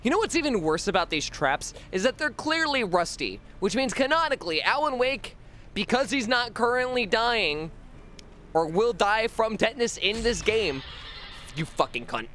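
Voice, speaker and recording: High, lively man chatting while gaming. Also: normal speed, slight background noise. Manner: rambling, jokey, swears freely, breaks into chanting. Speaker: livestreamer. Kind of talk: casual gameplay commentary.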